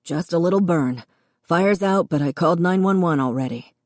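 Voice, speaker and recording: Woman narrator as quick matter-of-fact neighbor guy, warm dry tone. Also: on the low side, no room sound, natural voice. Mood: brisk. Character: helpful young male neighbor, brisk.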